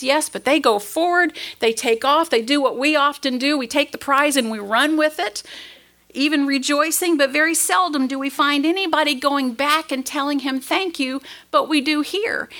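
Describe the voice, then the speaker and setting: Middle-aged woman giving a sermon, high and bright, earnest storyteller. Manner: earnest, storytelling, acts out quoted voices. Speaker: preacher.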